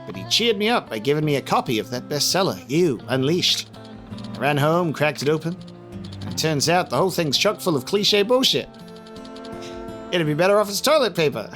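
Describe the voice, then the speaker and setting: A man's voice: a little high, sing-song, normal speed, a bit bright, soft background music. A man voicing a down-on-his-luck middle-aged man in a video game who has found his confidence again, talking in a folksy way. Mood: grateful.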